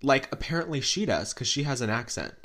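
A podcast co-host telling celebrity gossip in a casual, dramatic way, full of fillers and asides. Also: male voice, mid-range voice, very animated, brisk, a bit bright. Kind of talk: casual pop culture gossip chat.

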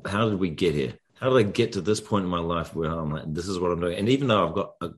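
Male guest, deep low voice, laid-back and jokey interview chat. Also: quick pace. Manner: relaxed, musing, jokey. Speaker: actor and filmmaker guest.

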